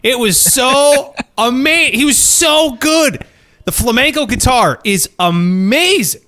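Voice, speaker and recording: A man's voice: extremely high pitch, slow pace. A man hosting a casual comedy podcast, joking around and slipping into silly voices. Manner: animated, jokey, puts on silly voices. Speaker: podcast host. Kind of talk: casual banter.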